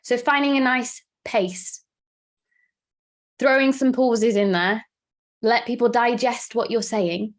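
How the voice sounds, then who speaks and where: A woman with a Welsh accent teaching a live online workshop, chatty and fast-talking, laughing often. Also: fairly high pitch. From Wales. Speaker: presenter and coach.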